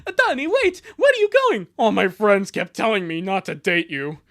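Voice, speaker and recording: A woman's voice: on the low side, normal speed, lightly acted. A woman reading a hurt, earnest teenage girlfriend in a live fan dub. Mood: pleading. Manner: emotional, pleading.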